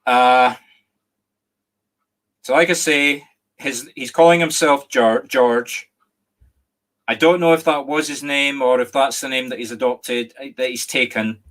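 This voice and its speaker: A middle-aged Scottish man, a medium giving a live reading online, speaking gently and apologetically with many restarts and a catch of emotion. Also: mid-range voice, measured pace, pauses often. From Scotland. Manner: emotional, near tears at times. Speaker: psychic medium.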